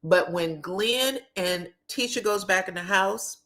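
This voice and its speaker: A woman's voice: mid-range voice, slow pace, fairly bright tone. A woman recapping reality TV in a casual gossip style, acting out the people she quotes, laughing and swearing as she tells it.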